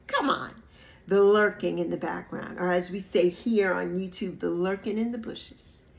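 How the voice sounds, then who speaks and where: A woman's voice: fairly low pitch, steady tone, moderate pace, gravelly, a little hiss or hum. A woman in her early sixties talking to her viewers, emphatic and repetitive, sometimes mocking people in playful put-on voices. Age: 60s. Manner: emphatic, repeats phrases, mocks others in playful put-on voices. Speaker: YouTube creator. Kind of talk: reflective monologue to camera.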